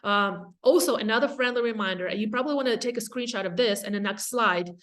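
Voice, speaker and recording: A woman from Russia with a Russian accent, giving a casual, energetic webinar talk on real estate, with quick asides to the audience. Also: a little high. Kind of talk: casual presentation.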